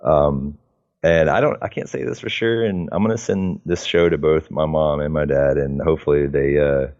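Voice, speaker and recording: A man's voice: rumbling low, normal speed, a little mellow, dull audio. A man chatting casually as a podcast guest, rambling with lots of fillers and restarts. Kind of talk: casual conversation.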